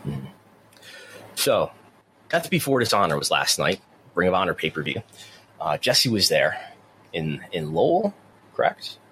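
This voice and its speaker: A man with a very low voice hosts a casual wrestling news chat. He often trips over the start of his sentences and repeats words before he finds his point. A faint noise sits behind him. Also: big pitch swings, measured pace, long pauses, a bit bright, rough recording. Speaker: wrestling podcast host.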